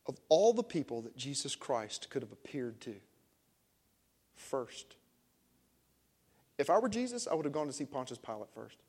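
A man preaching a sermon, telling a story with a voice that swings from hushed to emphatic. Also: medium pitch, sing-song, normal speed, pauses often, slightly rough. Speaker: pastor. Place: church sanctuary.

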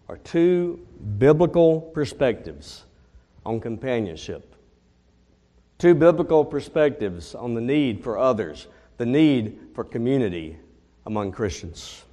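A man preaching a sermon as pastor, slow and emphatic, repeating his key phrases. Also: medium pitch, mellow, big-room sound.

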